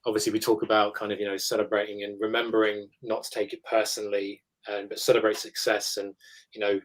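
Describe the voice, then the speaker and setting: Actor giving earnest advice. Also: male voice, on the low side, flat delivery, quick pace, low-quality recording. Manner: joking interjections, then earnest advice. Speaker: actor guest. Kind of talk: casual chat with advice.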